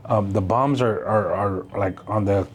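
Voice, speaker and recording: A man's voice: fairly low pitch, a little slow, a crowd in the background. A man, telling stories casually as a guest, rambling, swearing and slipping in Spanish words. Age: 40s. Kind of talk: casual conversational storytelling.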